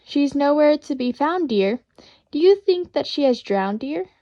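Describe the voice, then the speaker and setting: A woman with a bright, high-pitched voice reads children's poetry aloud. Her delivery is playful and sing-song, rising and dipping with each rhyme. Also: lively intonation, unhurried, dull audio. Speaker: reader of children's poems.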